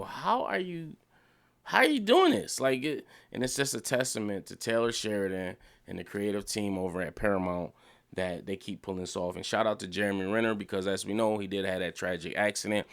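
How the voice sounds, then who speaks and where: A young man reviews a TV series in a loose, casual way, with a low, gravelly voice. He swears freely and gets so excited that his pitch leaps up high. His talk is full of fillers and restarts. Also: fairly quick. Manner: excited, loose and profane, jumps pitch when worked up. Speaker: TV show reviewer.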